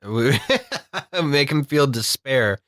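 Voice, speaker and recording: Male podcast co-host, rambling and jokey, bright tone, dry close recording. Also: mid-range voice, slow pace, dry recording. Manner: jokey, rambling, laughs often. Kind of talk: casual chat.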